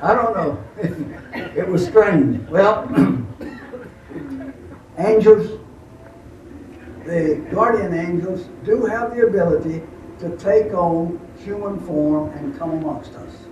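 Folksy older preacher, echoey hall. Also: male voice, sits high, slow pace, long pauses, a little mellow, a little hiss or hum. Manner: folksy, drawling storyteller, chuckles at himself. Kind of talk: sermon with storytelling. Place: camp meeting hall. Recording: echoey, distant, dull camp room recording.

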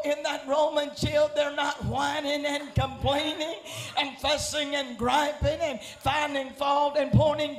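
Preacher man hollering a revival sermon, real high voice, echoey church, faint music under him. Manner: rhythmic, repetitive, chanting cadence. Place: church sanctuary.

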